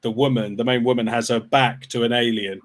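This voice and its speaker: A man's voice: mid-range voice, fairly even intonation, brisk. A man on a film podcast, casually retelling behind-the-scenes stories. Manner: anecdotal, retelling stories with quoted voices. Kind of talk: casual chat.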